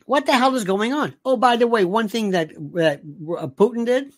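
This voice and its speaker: A man's voice: very high-pitched, expressive, normal speed. A man hosting a commentary show, ranting casually with sarcasm, exasperation and rhetorical questions. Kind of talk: casual political rant.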